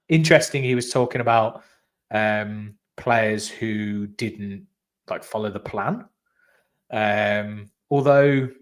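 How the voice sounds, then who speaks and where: Guy hosting a football podcast, talks in long excited run-on bursts over a video call. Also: lowish voice. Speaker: podcast host. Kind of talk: casual football chat.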